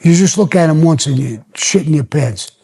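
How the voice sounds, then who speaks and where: A man's voice: a little high, lively intonation, normal speed, creaky, mellow, breathy edge. An older man telling his own stories on his podcast, blunt and plainspoken with plenty of profanity. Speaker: podcast host. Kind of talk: storytelling podcast.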